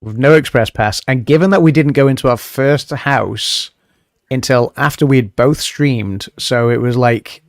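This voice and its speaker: A man's voice: mid-range voice, moderate pace, no room sound, studio quality. A man joining a casual livestream as a guest, easygoing and laughing along. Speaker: guest co-streamer.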